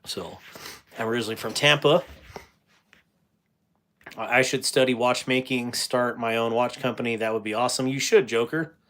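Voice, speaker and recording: A middle-aged man hosts a relaxed livestream, reading out viewer comments and answering them with easy laughs. His voice sits at an average pitch and he talks in a loose, chatty way. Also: normal speed, pauses often. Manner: chatty, laughs often, reads chat aloud. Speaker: livestream host.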